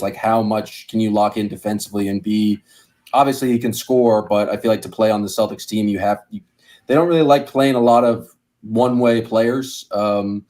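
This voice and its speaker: A man's voice: on the low side, darkish tone. A man hosting a casual sports podcast, chatty and upbeat, laughing easily. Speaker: podcast host.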